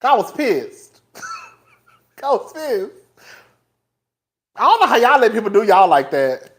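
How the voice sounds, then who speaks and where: A man hosts a loose live-stream commentary, his pitch leaping up and down as he goes. He is chatty and profane, breaks into laughter often, and keeps talking straight to his viewers. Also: a little slow. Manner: animated, profane, laughs often between remarks; chatty, talks straight to viewers as "girl" and "y'all". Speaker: host.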